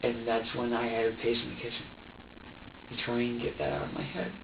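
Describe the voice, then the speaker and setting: A man under police questioning who recounts events haltingly, repeating himself and swearing. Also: medium pitch, little pitch movement, gravelly, noisy background. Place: police interrogation room. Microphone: distant room camera mic. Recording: dull, echoey room audio from far off.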